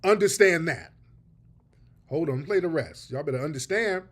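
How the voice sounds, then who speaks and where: Male host, pointed emphatic commentary, a little higher voice. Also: animated, normal speed. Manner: emphatic, addresses audience as family. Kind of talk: commentary on played clips.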